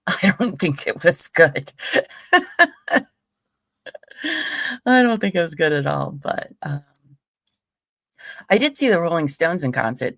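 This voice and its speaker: A woman's voice: lowish voice, gravelly, fairly bright tone, no room sound. A woman in her late thirties hosting a live stream, chatting casually in a rambling way and laughing often. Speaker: livestream host.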